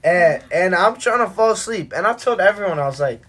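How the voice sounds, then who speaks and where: A young adult podcast host telling a profane, animated anecdote in casual chat with friends. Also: mid-range voice, a little fast, slightly rough.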